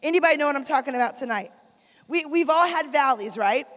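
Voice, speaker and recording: A woman preacher with a high voice delivers a sermon, drawing call-and-response from the congregation and repeating key lines. Her voice rings with the long reverb of a big church hall. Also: animated, fast, a bit bright.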